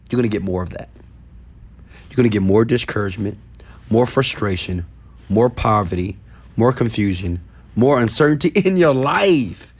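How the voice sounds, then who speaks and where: A man giving a motivational talk, preachy, repeating phrases and swinging between low murmurs and a raised voice. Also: lively intonation, moderate pace, long pauses, darkish tone, breathy edge. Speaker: motivational speaker.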